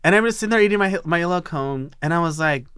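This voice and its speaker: A young man tells a personal story with raw candor, swearing freely and acting out what was said. His voice is bright and forward, and the sound is dry and close. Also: fairly high pitch, fast talker, clean tone, dry recording. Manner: candid, profane, animated retelling.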